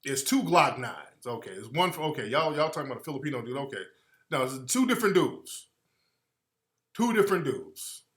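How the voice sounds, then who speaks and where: A man's voice: mid-range voice, sing-song, brisk, a bit bright, echoey room. A man hosting a radio talk show, talking to listeners in a loose, slangy, rambling way and trailing off while he looks things up. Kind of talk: casual commentary to listeners.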